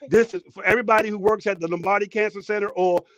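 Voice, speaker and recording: Excitable high-voiced man telling a story. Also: quick pace, rough recording. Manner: excited, storytelling, repeats words. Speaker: co-host. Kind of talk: casual talk show chat. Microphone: headphones, studio mic.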